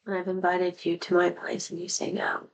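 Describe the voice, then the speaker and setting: A woman's voice: lowish voice, monotone, normal speed, vocal fry, rough recording. Sad, rambling woman vlogging. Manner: rambling and confessional, sad and candid. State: voice not at full strength after being sick. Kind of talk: personal vlog monologue.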